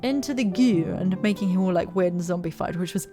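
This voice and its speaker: A woman's voice: on the low side, brisk, warm tone, faint music behind. A woman streamer talking through a game in a playful, mock-formal way. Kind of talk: let's play commentary.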